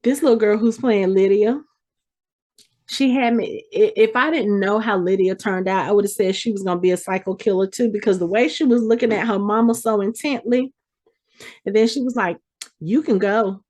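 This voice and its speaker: A woman's voice: medium pitch, a little fast. A woman hosting a podcast, recapping a TV episode in casual chat and playfully acting out the characters' lines. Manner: animated storyteller who acts out the characters' lines. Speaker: podcast host.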